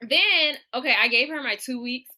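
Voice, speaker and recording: Young woman podcast co-host, animated and profane, bright sharp voice, higher pitch, dry close sound; casual storyteller. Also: normal speed, dry recording. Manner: animated storyteller, swears freely.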